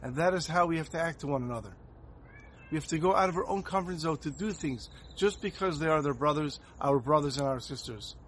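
A man giving a Torah talk as a sermon, telling a story in an earnest, animated way. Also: fairly high pitch, fairly quick, slight background noise.

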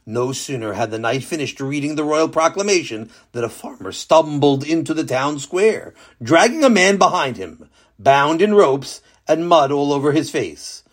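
A man narrating a children's story with a lesson at the end, lively and animated. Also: a little high, moderate pace.

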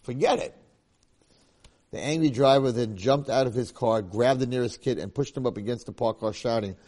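A man's voice: mid-range voice, moderate pace, darkish tone. A man teaching a religious lecture, telling a moral story and repeating key points for emphasis. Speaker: Torah teacher.

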